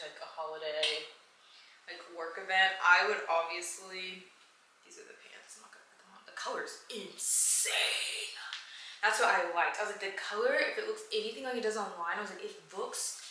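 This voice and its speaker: Chatty young woman, bright echoey room. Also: lowish voice. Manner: chatty, rambling, lots of "like", swears casually. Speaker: lifestyle vlogger. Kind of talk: casual chat to camera. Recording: echoey room, faint ambient noise.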